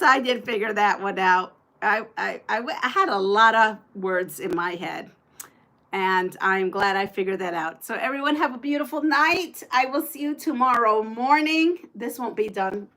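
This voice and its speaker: A woman's voice: fairly high pitch, pushed and bright. A woman hosting a casual livestream who counts aloud, laughs easily, exclaims often and slips into Spanish phrases. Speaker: livestream host.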